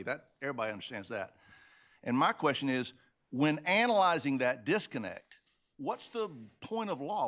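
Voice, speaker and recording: Bright-voiced judge posing pointed questions. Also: male voice, mid-range voice. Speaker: appellate justice. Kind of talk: questioning counsel from the bench. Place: appeals courtroom.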